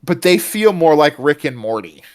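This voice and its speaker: His voice is a little high and sing-song. Co-hosting a podcast, he chats casually and rambles with lots of fillers and restarts, now and then doing quick mock voices.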